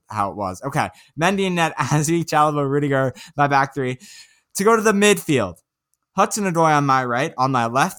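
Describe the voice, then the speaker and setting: A man's voice: medium pitch, fairly bright tone, clear, resonant tone. A man co-hosting a casual sports podcast, who goes through his picks and ribs his co-host in a dry, teasing way.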